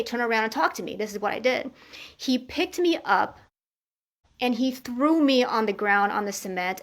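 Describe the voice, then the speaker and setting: A woman's voice: fairly high pitch, fairly bright tone. A woman vlogger telling a personal story to camera in a candid, earnest way, often restarting sentences and swearing casually.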